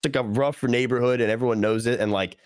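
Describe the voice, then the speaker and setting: A young man chats on a podcast. He talks quickly and acts out quotes with sudden high jumps in pitch. The sound is dry and close, with no room in it. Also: fairly even intonation, smooth, dry recording. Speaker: podcast guest. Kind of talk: casual podcast chat.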